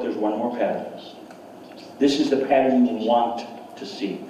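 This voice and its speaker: Lecturing to a seminar audience, this man sounds enthusiastic, repeats words frequently, and keeps asking the listeners questions. His voice sits at a medium pitch with a warm tone and a measured pace. Recorded at a distance in an echoey seminar hall, the audio is dull, with a little hiss or hum.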